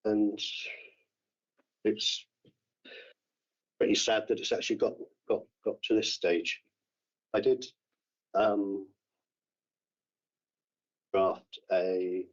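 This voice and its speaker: An English man speaking as a councillor at a formal hearing, halting and repeating his words. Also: sits low, slightly rough. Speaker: councillor responding to a complaint. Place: council meeting room. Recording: dull lo-fi meeting recording.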